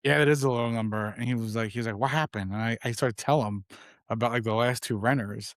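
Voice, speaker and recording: A man's voice: mid-range voice, fairly even intonation, fast talker, dry recording, clean studio sound. A man in his twenties co-hosting a podcast, telling a long rambling anecdote and acting out the other man's lines in casual chat. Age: 20s. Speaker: podcast co-host.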